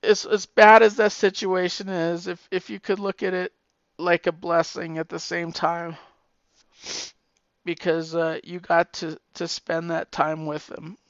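A middle-aged man and podcaster giving a heartfelt, emotional message, halting and repeating his words, tearful at times. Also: high-pitched, flat delivery, clean tone, dry recording, muffled recording.

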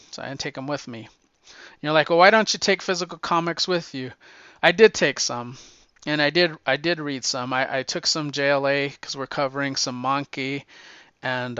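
A man's voice: medium pitch, sharp tone, clean tone, no room sound, highs cut off. A man hosting a comics podcast in casual chat, enthusiastic and rambling, swearing freely and restarting often.

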